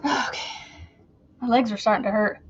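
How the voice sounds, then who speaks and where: A woman's voice: on the high side, steady tone, normal speed, dull audio, a little hiss or hum. A woman hosting a casual crochet livestream from her chair at home, chatty and giggly, a bit out of breath as she talks to viewers. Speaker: crochet channel host.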